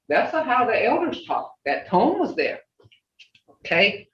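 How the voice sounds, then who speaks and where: A language teacher leading an online class, sounding out syllables slowly, one at a time. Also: medium pitch, sing-song, a bit bright. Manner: slow, drawn-out syllable drilling. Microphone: video call. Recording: echoey, dull video call audio.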